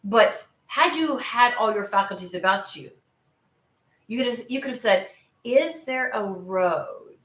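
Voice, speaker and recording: A woman's voice: a little high, animated, moderate pace, fairly bright tone. A woman giving a casual tarot reading, chatty and blunt, swearing freely as she talks. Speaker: tarot reader. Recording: echoey room.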